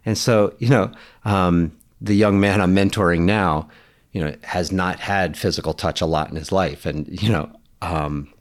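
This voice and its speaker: Low-voiced earnest man. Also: moderate pace. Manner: earnest, reflective, quotes others in animated voices. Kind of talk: casual conversation.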